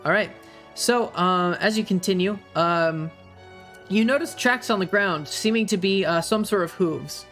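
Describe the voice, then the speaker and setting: A young man narrating a tabletop game as game master, pausing often with ums and uhs. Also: sits high, fairly bright tone, soft background music. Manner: halting, many ums and uhs.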